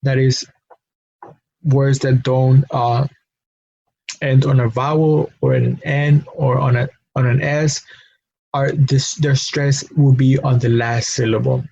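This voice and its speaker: A man's voice: medium pitch, little pitch movement, slow, vocal fry, a little mellow, slightly rough, highs cut off. A man teaching a recorded language lesson, patient and repetitive, often ending points with a questioning "no?". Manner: patient, repeats himself, tag question "no?".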